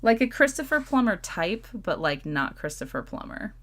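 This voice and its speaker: A woman's voice: mid-range voice, sing-song, moderate pace, fairly bright tone. A woman co-hosting a podcast, chatting playfully and laughing often. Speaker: podcast co-host. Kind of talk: casual chat.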